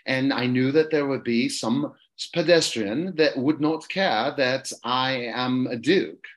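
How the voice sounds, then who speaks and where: Boastful British duke, halting and self-important , played by a male host. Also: medium pitch, natural voice. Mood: pompous. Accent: British, put on. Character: pompous British duke flirting in a pub.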